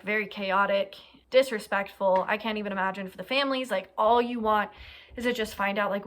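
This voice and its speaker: A young woman tells a true crime story in a loose, chatty way. Her voice sits at a middling pitch, and she pads her sentences with fillers and quick asides as she talks. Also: fairly bright tone. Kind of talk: casual true crime retelling.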